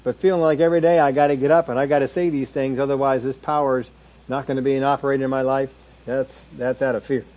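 A man's voice: medium pitch, level tone, fast talker, a little mellow, dull audio. A man preaching a sermon in a conversational teaching manner, now and then mimicking churchgoers in quoted asides.

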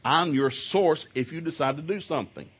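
A man's voice: a little high, normal speed, slightly rough. A middle-aged man teaching at a marriage seminar, telling folksy stories and acting out both sides of arguments. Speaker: seminar speaker. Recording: live audio of a seminar talk.

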